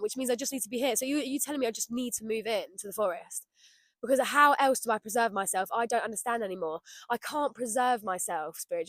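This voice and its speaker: A woman hosting a podcast, talking to herself in a rambling reflection, laughing often and swinging from loud outbursts to quiet murmurs. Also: fairly high pitch, no room sound. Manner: talks to herself as "babe" and "darling". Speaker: podcast host. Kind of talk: solo spoken reflection outdoors.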